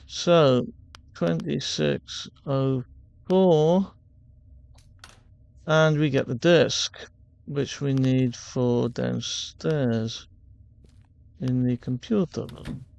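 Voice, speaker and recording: A man hosting a casual game playthrough, relaxed and thinking aloud as he plays. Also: medium pitch, extremely slow, vocal fry, long pauses. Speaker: gaming channel host.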